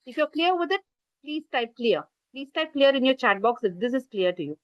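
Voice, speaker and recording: This parenting workshop speaker has an Indian English accent and a high, sing-song voice, moving at a brisk pace. She gives an online class over a video call, gesturing as she explains and prompting listeners to type in the chat, and the muffled, lo-fi audio has no echo.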